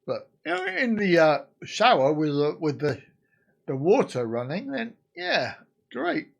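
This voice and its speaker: A man's voice: on the high side, huge pitch swings, measured pace, vocal fry. A man in his fifties from the UK, hosting a casual live stream and bantering crudely with his viewers. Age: 50s.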